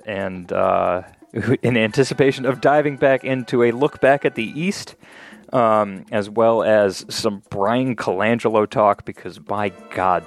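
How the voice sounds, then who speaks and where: A man's voice: lowish voice, gravelly. A man co-hosting a casual sports podcast, thinking aloud in an analytical way. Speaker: podcast co-host.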